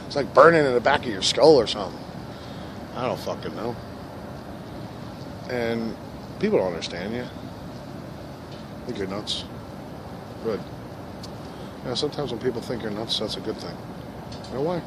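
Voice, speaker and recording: A man rambling through a profane monologue, dropping to low mutters and then rising into loud rants, recorded in a park. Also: animated, normal speed, long pauses. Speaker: vlogger. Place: park outdoors. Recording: outdoor recording with traffic noise. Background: passing cars and outdoor ambience.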